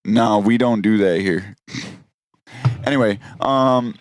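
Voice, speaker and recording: A man hosting a casual podcast, joking around with his co-hosts, laughing often and sometimes dropping into a flat monotone for a bit. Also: lowish voice, slow. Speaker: podcast host. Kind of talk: casual chat.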